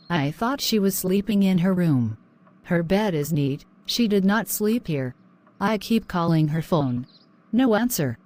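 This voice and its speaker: A woman's voice: lowish voice, darkish tone. A woman voicing a worried, caring mother. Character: anxious, caring mother, middle-aged. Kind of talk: animated story voice acting.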